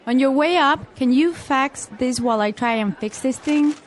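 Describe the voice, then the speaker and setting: Actress: helpful office colleague, high voice, faint ambience. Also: female voice, moderate pace, slight background noise, close to an everyday voice.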